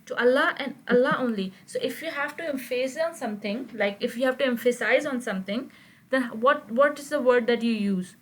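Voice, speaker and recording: Woman, fairly high voice, grammar teacher, patient, step-by-step explanations, checks on students, video call lesson. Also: brisk, low-quality recording. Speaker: Quranic Arabic teacher. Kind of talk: live online grammar lesson.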